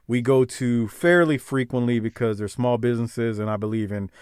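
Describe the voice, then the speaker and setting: A man hosting a podcast in casual chat, measured and quick to laugh. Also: mid-range voice, steady tone, a little mellow, clean tone, dry recording, studio quality. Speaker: podcast host.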